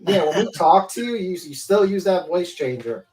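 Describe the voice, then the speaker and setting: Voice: mid-range voice, animated, normal speed, darkish tone, poor audio. A panelist on a livestream giving casual, rambling commentary full of swearing and filler words. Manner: profane, rambling, lots of fillers. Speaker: panel guest.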